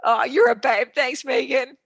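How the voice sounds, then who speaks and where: A woman's voice: sits high, unhurried, gravelly, breathy edge, no room sound. A woman speaking as a guest in a casual interview. She is frank and swears freely. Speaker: podcast guest, business owner.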